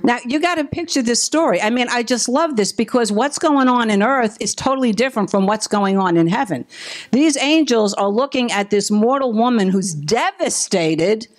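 A woman's voice: a little high, animated, normal speed. A woman pastor preaching a sermon with emphasis, acting out the scripture quotes as she goes.

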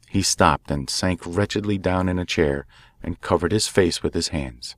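Deep-voiced man narrating a mystery. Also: normal speed, no echo. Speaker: audiobook narrator. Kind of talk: scripted narration of a classic detective story.

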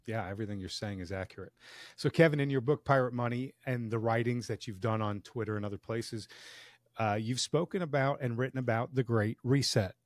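A man hosting an interview channel, asking measured, polite questions. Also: mid-range voice, no echo, clean studio sound.

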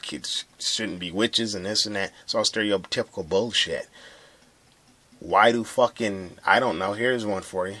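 Young man, very low voice, rambling blunt vlog monologue with plenty of swearing. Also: fairly bright tone. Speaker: vlogger. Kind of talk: rambling casual monologue to camera.

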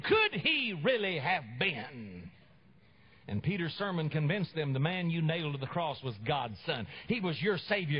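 A man preaching a sermon, telling stories and swinging between loud emphasis and low, quiet asides. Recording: dull lo-fi radio broadcast.

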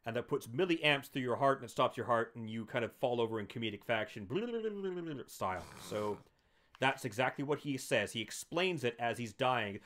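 A man's voice: medium pitch, fairly quick, fairly bright tone. A man hosting a let's play, giving casual commentary in a playful, bragging way with some swearing.

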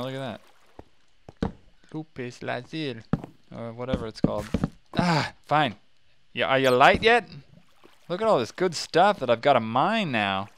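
Guy rambling through a game, gets excited fast, mid pitch, some noise behind. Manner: chatty, excitable, talks to himself while playing. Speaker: gaming channel host. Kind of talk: casual gameplay commentary.

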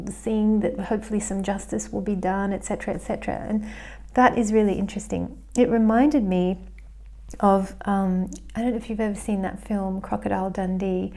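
A woman's voice: medium pitch, dark tone. An Australian woman talking casually to camera about astrology at home, thinking aloud with small restarts.

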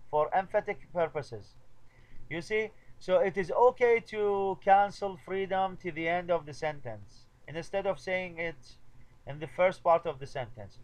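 A middle-aged man lectures a translation class in a slightly high voice. He says example sentences slowly and more than once, then breaks each one down. His is Arabic. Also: a little mellow, low-quality recording. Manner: repeats model sentences slowly, switches between English and Arabic. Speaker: university translation teacher.

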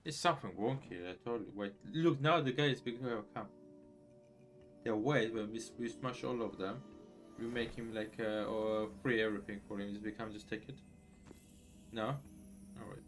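A man giving excitable live gameplay commentary in broken English, taunting the enemies he fights. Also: lowish voice, normal speed. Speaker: gameplay streamer. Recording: game music playing underneath. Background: game music.

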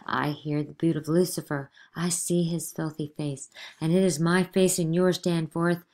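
A woman's voice: low-pitched, steady tone, normal speed. A woman reading a play aloud, voicing a desperate, defiant middle-aged farmer who speaks with impassioned force. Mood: furious. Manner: impassioned, shouting.

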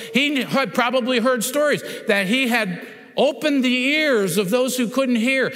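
A man's voice: very high voice, fairly bright tone, big-room sound. A man preaching a sermon as pastor, retelling a scripture story with dramatic quoted cries. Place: church sanctuary.

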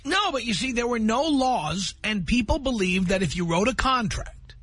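A man's voice: extremely high pitch, animated, normal speed, fairly bright tone, slightly rough, dry recording. A man hosting a call-in radio show, talking in a blunt, opinionated, lecturing way. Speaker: radio talk show host.

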